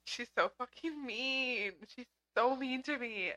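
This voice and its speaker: A young woman co-hosting a podcast, chatting loudly with lots of laughing and swearing. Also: high-pitched, slow pace. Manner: loud, laughing, profane banter. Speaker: podcast co-host. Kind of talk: casual chat.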